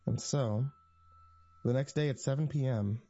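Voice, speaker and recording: Man, first-person horror story narration, husky, dark mellow tone, tense measured delivery, lo-fi. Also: medium pitch.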